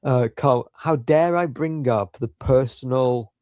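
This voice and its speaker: A man's voice: medium pitch, takes it slowly, darkish tone, no echo, clean studio sound. A young English man making an earnest, sarcastic argument in a debate. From England. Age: young adult. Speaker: commentator in a played clip.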